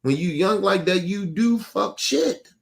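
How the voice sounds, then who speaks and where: An older male podcast host with a high, gravelly voice spins a rambling, profane story at a measured pace in casual conversation. He gets animated whenever he quotes himself.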